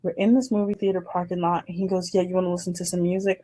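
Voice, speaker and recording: A woman's voice: fairly low pitch, fast, hardly any pauses. Woman in her twenties telling a story. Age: 20s. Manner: animated storytelling, acting out scenes. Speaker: host. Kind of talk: casual chat, storytelling.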